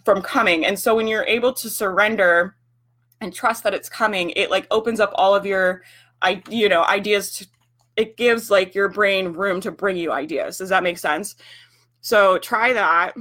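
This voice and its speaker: A woman's voice: mid-range voice, normal speed, a bit bright. A young woman hosting a casual livestream for business owners, talking frankly with lots of "like" fillers and the odd swear word.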